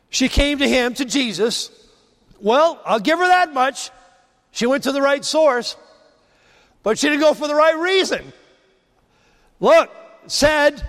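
A man preaching a sermon, rising to emphasize points and dropping low and quiet on key phrases. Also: long reverb tail.

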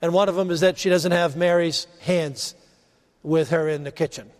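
A man preaching a sermon, rising to emphasize points and dropping low and quiet on key phrases. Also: steady tone, moderate pace, big-room sound.

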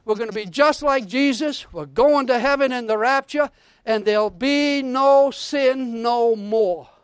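In a strikingly high voice, a pastor delivers a fervent sermon, reading scripture with mounting excitement and repeatedly calling on his congregation to respond. His pace is measured and his tone clean, recorded dry and close with no room echo.

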